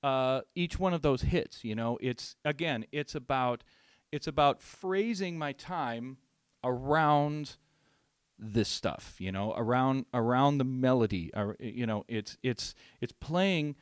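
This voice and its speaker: A man teaching drums, talking through a song in a relaxed way and often checking in with "right?". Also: mid-range voice, slow, smooth, dry recording, clean studio sound. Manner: thinks aloud with restarts, says "right?" often. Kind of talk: relaxed instructional talk. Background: loud music and drum track.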